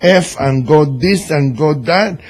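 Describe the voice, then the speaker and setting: Man, cuban spanish accent, husky voice, slightly high, slow, opinionated radio talk. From Cuba. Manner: opinionated, animated, broken grammar. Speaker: columnist and radio guest.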